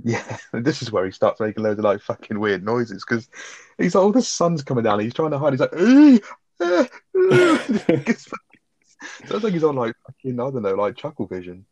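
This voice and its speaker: A man's voice: mid-range voice, animated, moderate pace, husky, no room sound. A man talking casually about a film on a podcast, swearing often and laughing as he talks. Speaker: podcast co-host.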